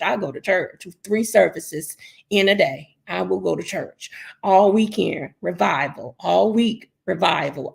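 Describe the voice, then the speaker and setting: A woman's voice: on the high side, vocal fry, darkish tone. A woman praying and encouraging live-stream viewers from a hospital room, in a fervent, repetitive preaching cadence.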